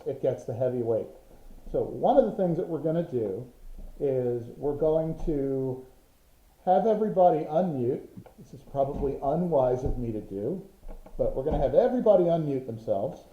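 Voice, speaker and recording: Man teaching Morse code, roomy lo-fi. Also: mid-range voice. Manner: patient, explains with examples and rhythmic vocal sounds. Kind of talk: online class teaching. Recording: roomy, dull lo-fi sound.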